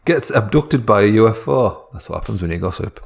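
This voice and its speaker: A man's voice: fairly low pitch, lively intonation, fairly quick, gravelly. A man co-hosting a comedy podcast, making dry, laid-back quips in casual chat. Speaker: podcast co-host.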